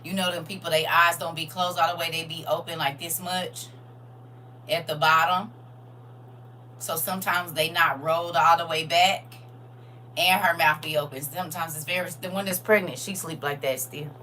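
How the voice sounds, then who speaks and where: Woman, middle-aged, excitable, chatty livestream host, sharp tone. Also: low voice, normal speed, a little hiss or hum, poor audio. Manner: excitable, chatty, talks straight to viewers. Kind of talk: casual live-stream chat.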